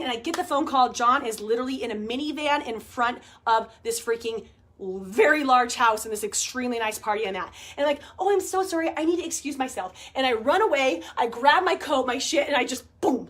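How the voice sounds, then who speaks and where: Bright high-voiced woman in her forties. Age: 40s. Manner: animated storyteller, laughing, swears casually. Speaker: vlogger. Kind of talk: casual chat to camera.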